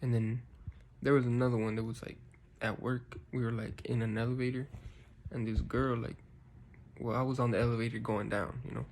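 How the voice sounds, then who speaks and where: Gravelly-voiced man musing casually. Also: mid-range voice, little pitch movement, brisk, darkish tone, slight background noise. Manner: rambling, reflective, heavy use of fillers like "you know". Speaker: vlogger. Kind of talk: casual personal talk to camera.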